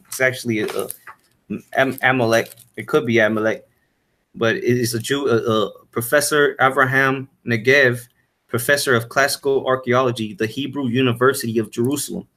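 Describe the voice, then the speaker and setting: A man giving an informal Bible lesson, halting with many fillers and "all right?" tags, and reading verses aloud in old-fashioned wording. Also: medium pitch, fairly bright tone. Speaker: Bible teacher. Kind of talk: informal scripture teaching.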